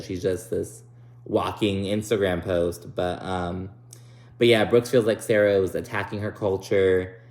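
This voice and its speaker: A man's voice: fairly low pitch, a little mellow, reverberant. A man casually recapping a reality TV show, opinionated and profane, with lots of "like" and "um". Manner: chatty, profane, opinionated, full of likes and ums.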